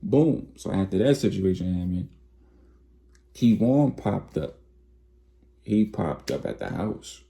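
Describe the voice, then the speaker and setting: A man's voice: low voice, lively intonation, slow pace, gravelly, pauses often, dark tone. A man casually narrating a storytime in slangy, conversational talk, acting out the quotes.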